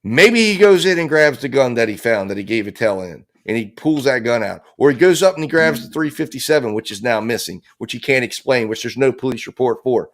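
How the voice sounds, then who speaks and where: Man, true crime commentator, blunt, emphatic, salty language, mid-pitched voice. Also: animated, brisk, few pauses. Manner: emphatic and blunt, with frequent profanity and repeated phrases. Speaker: host of a true crime legal analysis show. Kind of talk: impassioned legal commentary.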